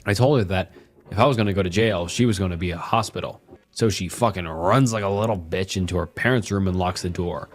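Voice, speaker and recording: A man's voice: low-pitched, fairly quick, close to an everyday voice. A man voicing a drunk, violent, self-pitying husband who rambles and swears crudely through a horror story. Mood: bitter, rambling.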